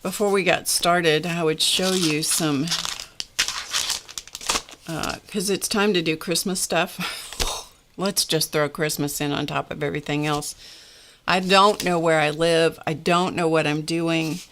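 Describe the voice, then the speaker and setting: A woman hosts a live art stream, talking to viewers as she works. Her voice sits a bit low, and she speaks unhurriedly, rambling and poking fun at herself. A faint hiss of noise runs underneath. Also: fairly even intonation, a little slow, pauses often. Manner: chatty, rambling, self-deprecating. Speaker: host of an art livestream. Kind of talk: casual livestream chat while crafting.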